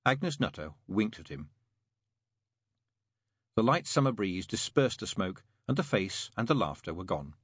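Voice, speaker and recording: A middle-aged man reading a story aloud in an expressive, playful storytelling manner. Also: lowish voice, a little slow, pauses often, breathy edge, no room sound, clean studio sound. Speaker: audiobook narrator. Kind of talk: scripted audiobook narration.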